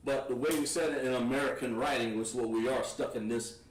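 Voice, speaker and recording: A man teaching a language class, patient and encouraging, sounding out words slowly at a board. His voice is at an ordinary pitch and comes from a distance. The room gives it a noticeable echo. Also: steady tone. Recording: echoey room, voice from far off.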